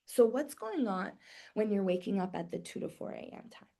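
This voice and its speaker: A middle-aged woman teaching a live somatic wellness webinar from her home office over a video call, talking conversationally and acting out everyday examples with quick voiced reactions. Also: mid-range voice, lively intonation, gravelly, warm tone.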